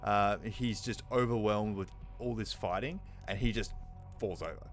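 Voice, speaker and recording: A man narrating as dungeon master of a tabletop game, talking loosely with many fillers and pauses. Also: on the low side, fairly even intonation, faint music behind.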